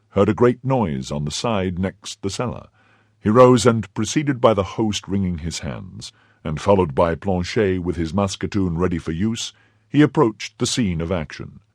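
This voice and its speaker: A man reading a novel aloud as an audiobook narrator, expressive in scripted narration. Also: low voice, no room sound, studio quality.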